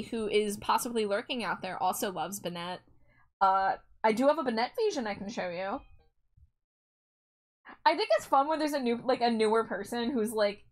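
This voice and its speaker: A woman hosting a live stream, chatting casually with viewers and reading their messages in a bubbly, giggly way. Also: a little high. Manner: bubbly and giggly, reads chat aloud. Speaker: livestream host. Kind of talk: casual chat with viewers while drawing.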